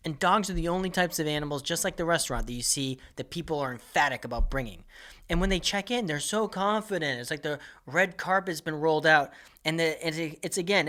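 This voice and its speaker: A man's voice: fairly high pitch, a little fast, sharp tone. A man hosting his own comedy podcast, delivering an exasperated, profane rant as a monologue.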